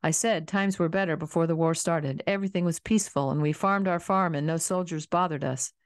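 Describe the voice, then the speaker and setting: A woman's voice: lowish voice, steady tone, fairly quick, no room sound, clean studio sound, natural voice. A woman voicing a stern, worried farm wife who snaps and scolds in a rural drawl. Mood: scolding.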